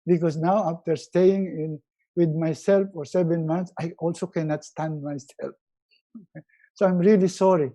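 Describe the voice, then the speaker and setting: Brief: middle-aged man, coaching talk, mellow warm tone, lively and playful. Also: fairly high pitch, normal speed. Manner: animated, acts out quoted scenes in a raised voice. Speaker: resiliency coach. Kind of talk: live motivational webinar talk.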